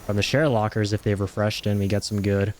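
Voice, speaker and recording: A man streams a video game and chats casually as he plays. He jokes around and swears off-handedly. His voice is on the low side, with faint noise behind it. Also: little pitch movement, a little fast, darkish tone. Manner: playful, jokey, swears casually. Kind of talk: casual gameplay commentary.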